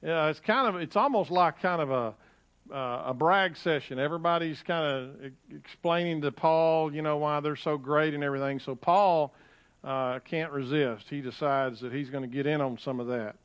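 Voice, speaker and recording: A man's voice: normal speed, smooth. A man preaching as a pastor in a church, talking in a folksy, conversational way with frequent restarts, and reading scripture with rising emphasis. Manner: rises in pitch and volume when reading scripture aloud. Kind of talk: sermon. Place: church sanctuary. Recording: dull, lo-fi sound.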